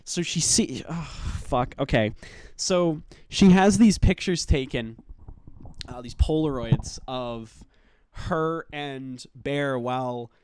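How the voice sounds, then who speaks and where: A man talks slowly through a film he clearly loves, in a smooth, clean voice. He stops and restarts often, sighs, and swears as the story gets to him. The sound is dry and close, with no room around it. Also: medium pitch, a little mellow, no room sound. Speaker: film commentator. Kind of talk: rambling film recap and commentary.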